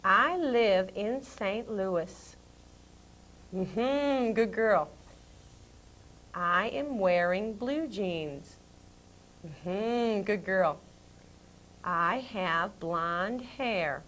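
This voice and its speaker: A woman's voice: medium pitch, animated, drawn-out words, long pauses, a bit bright, a little hiss or hum. A woman teacher in a listening lesson with a child, repeating syllables in a sing-song, encouraging way. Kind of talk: speech therapy lesson with a child.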